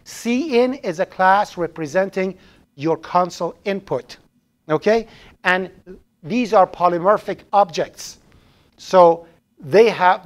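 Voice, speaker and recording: A man teaching a programming class live in a classroom, chatty, often restarting phrases and throwing in joking asides. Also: a little high. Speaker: programming instructor.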